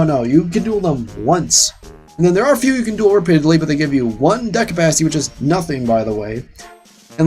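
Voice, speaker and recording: A man's voice: a little high, darkish tone. Ranting sarcastic man with light music. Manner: sarcastic, ranting, swears freely. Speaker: gaming channel host. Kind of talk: casual let's-play commentary.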